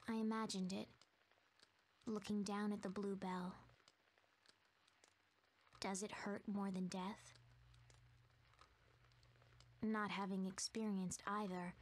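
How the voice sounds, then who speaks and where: A woman narrates a video game with a medium-pitched voice, speaking softly and fearfully in a hushed storytelling style as a timid young female narrator.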